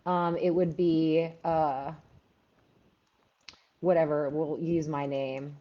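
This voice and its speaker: A woman's voice: deep voice, unhurried, warm tone. A woman from Philadelphia coaching writers in a live stream Q&A, chatty and full of fillers as she answers viewers. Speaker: writing coach. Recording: dull lo-fi livestream audio.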